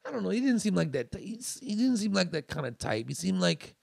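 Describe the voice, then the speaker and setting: Gravelly man telling a rambling story. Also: sits high, sing-song, fast talker, a little mellow, no room sound, clean studio sound. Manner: rambling, restarts, acts out others' lines. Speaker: comedian guest. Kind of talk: casual storytelling conversation.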